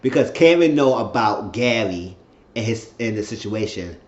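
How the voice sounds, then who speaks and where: Animated man recapping a TV episode. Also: lowish voice, moderate pace. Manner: animated storytelling, acting out quotes. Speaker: TV show recap vlogger. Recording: echoey room, dull lo-fi sound.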